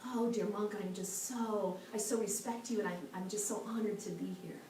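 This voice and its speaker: A woman's voice: mid-range voice, fairly even intonation, normal speed, mellow, slight background noise, lightly acted. A woman voicing a young male samurai in a told story, eager and reverent. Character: humble young male samurai seeking wisdom. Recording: echoey hall from a far mic.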